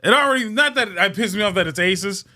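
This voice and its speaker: A man hosts a casual comedy podcast with a bright, slightly high voice. He rants loosely, swears freely, and jokes along the way. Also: lively intonation, quick pace. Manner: loose, profane, joking rants. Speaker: podcast host.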